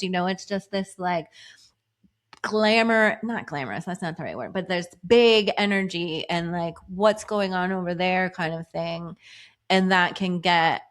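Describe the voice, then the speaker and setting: A woman's voice: fairly low pitch, unhurried. A woman co-hosting a podcast, chatting casually with lots of "like" fillers and acting out her own past thoughts. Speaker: podcast co-host.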